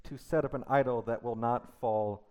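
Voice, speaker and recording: A man's voice: mid-range voice, steady tone, normal speed, darkish tone, clean tone. A middle-aged man preaching a sermon in an emphatic, conversational way, full of rhetorical questions. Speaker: pastor.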